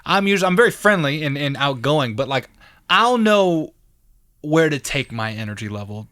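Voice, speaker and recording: A man co-hosting a podcast in casual chat, high-energy and animated, laughing often. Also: normal speed, no room sound, studio quality. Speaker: podcast co-host.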